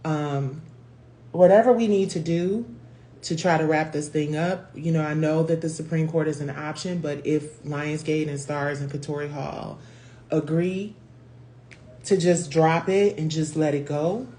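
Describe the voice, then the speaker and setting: A woman's voice: sits low, steady tone, measured pace, dark tone. A woman hosting her own livestream, talking candidly and emotionally, swearing casually and calling her viewers y'all. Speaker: host. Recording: faint background noise.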